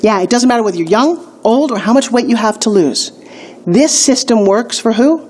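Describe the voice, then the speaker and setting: A middle-aged woman giving a motivational video lesson on a weight-loss course, upbeat and emphatic, telling stories with quick asides. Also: fairly high pitch, lively intonation, a little mellow, slight background noise.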